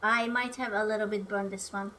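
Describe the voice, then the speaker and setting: A woman's voice: medium pitch, fairly even intonation, a little fast, pushed and bright. A young woman from Hungary, chatting casually on a livestream while she cooks, playful and self-mocking. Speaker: streamer.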